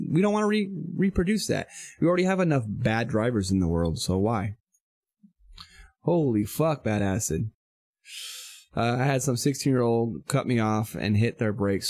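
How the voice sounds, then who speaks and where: A man with a lowish voice hosts a podcast, recorded at studio quality with no room sound, speaking at a moderate pace. In casual chat he tells a road-rage story laced with swearing, animatedly acting out the quoted back-and-forth.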